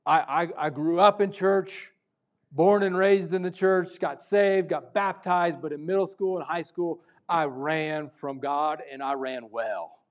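A male pastor preaching a sermon, moving between loud urgent stretches and hushed, intimate ones. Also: a little high, a little slow.

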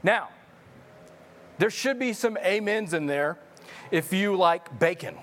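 A male pastor preaching a sermon in an animated, joking way, often repeating words when he gets excited. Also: high-pitched, takes it slowly.

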